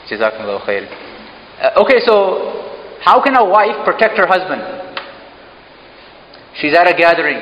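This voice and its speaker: Guy giving a talk at the mosque, quizzing the crowd w some jokes, booming hall echo, kinda muffled lo-fi. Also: a little hiss or hum. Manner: engages audience with questions, light humor. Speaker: mosque speaker. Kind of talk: interactive religious talk. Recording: echoey hall, dull lo-fi sound.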